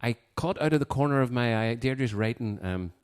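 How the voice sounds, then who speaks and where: A man's voice: mid-range voice, lively intonation, normal speed, clear, resonant tone. A man chatting casually between songs as host, rambling as he reads out requests and birthday wishes from a piano room at home. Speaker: host of a live music show.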